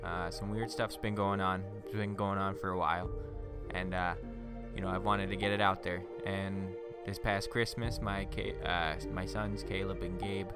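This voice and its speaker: A man's voice: sits low, flat delivery, normal speed, loud music behind the voice. A middle-aged man from Minnesota, hosting a podcast and telling a story in a rambling, folksy way full of fillers.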